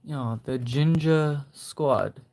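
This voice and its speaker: Gravelly-voiced young man chatting with viewers. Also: on the high side, drawn-out words. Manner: gentle, encouraging, praising viewers. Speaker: livestream host. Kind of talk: casual live chat reading viewer comments.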